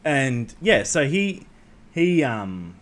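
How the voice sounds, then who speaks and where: A man's voice: mid-range voice, very animated, very slow, fairly bright tone. Rambling man hosting a stream. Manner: rambling, lots of ums and restarts, swears freely. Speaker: host. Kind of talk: casual livestream chat.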